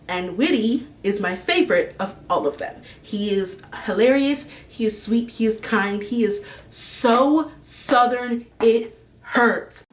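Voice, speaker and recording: A woman's voice: a little high, slow, far from the mic. A young woman vlogging in a casual, rambling, gushing way, laughing often as she talks about a book's characters. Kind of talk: casual fan casting chat.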